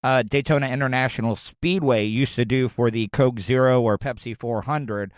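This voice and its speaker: A man's voice: medium pitch, moderate pace, smooth, no echo, clean studio sound. A man from Florida hosting his own podcast, riffing in a crude, sarcastic, rambling way. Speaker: podcast host. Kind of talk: casual comedic commentary.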